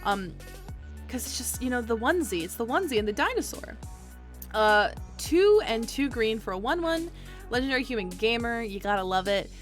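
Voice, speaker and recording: A woman's voice: fairly high pitch, big pitch swings, normal speed, soft background music. A young woman streamer chatting casually as she reviews trading cards, gushing and giggly, rambling with lots of fillers. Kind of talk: casual chat.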